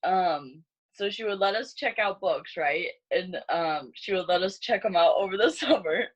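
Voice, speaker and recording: A young woman in her late teens, a high school senior, chatting casually with a classmate and using many "like" fillers. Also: normal speed, muffled recording. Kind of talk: casual chat between classmates.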